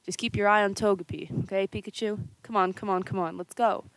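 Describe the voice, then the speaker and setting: A woman's voice: medium pitch, steady tone, brisk, no room sound, close to an everyday voice, low-quality recording. A woman voicing an eager young male cartoon trainer who talks in an upbeat, cheerful way.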